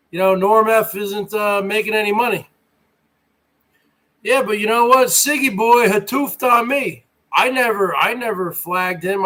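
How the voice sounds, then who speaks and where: A man's voice: sits high, pushed and bright. A man hosting his own livestream, ranting in a brash, mocking way with plenty of swearing. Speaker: livestream host. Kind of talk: boastful rant.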